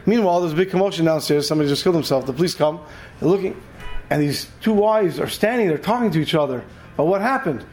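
A man teaching a Torah class who tells animated stories and acts out the characters. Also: high-pitched, fast talker, a little hiss or hum, poor audio. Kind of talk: storytelling lecture.

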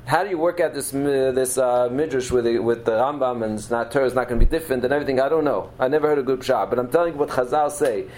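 A man's voice: medium pitch, fast, hardly any pauses, a little mellow, poor audio. Earnest male Torah lecturer. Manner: earnest storytelling, peppered with Hebrew and Yiddish terms. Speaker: Torah teacher.

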